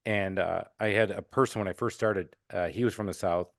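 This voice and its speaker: A man from Michigan hosting a casual podcast chat, joking and telling stories in an animated way. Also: deep voice, fairly quick, creaky, no room sound, clean studio sound. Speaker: podcast host.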